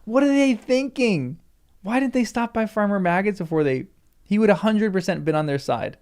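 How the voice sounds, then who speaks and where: A man reading a novel for the first time, musing and reacting excitedly between passages. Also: high-pitched, fairly quick, clear, resonant tone. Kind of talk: casual reaction commentary.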